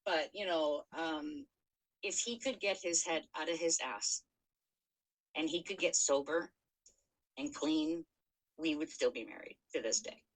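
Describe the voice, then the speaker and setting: A middle-aged woman co-hosting a podcast tells her own story frankly, swearing freely and full of fillers and restarts. Her voice is deep and measured, with long pauses, and the recording is rough.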